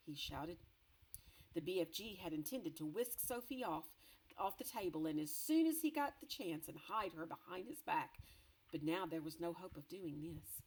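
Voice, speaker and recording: A woman teacher reading a children's chapter book aloud to her class. Her voice swoops up and down with expression, and her storytelling is animated and engaging. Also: fairly low pitch, moderate pace, slightly rough, poor audio.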